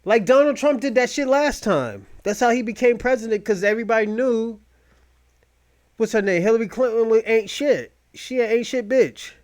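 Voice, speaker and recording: High-pitched man ranting profanely. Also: normal speed. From United States. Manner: loud, rambling, mocking rants. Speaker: podcast host. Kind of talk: profane casual commentary.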